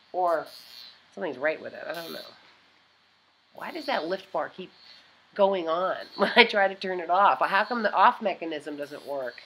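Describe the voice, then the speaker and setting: A woman's voice: medium pitch, pushed and bright, slightly rough, rough recording. Rambling, chatty woman vlogger. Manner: rambling, chatty, trails off and restarts often. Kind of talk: casual chat reviewing beauty gadgets.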